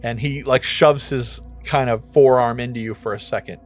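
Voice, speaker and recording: A man narrating a tabletop game as game master, in a relaxed way with frequent fillers. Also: mid-range voice, moderate pace, soft background music.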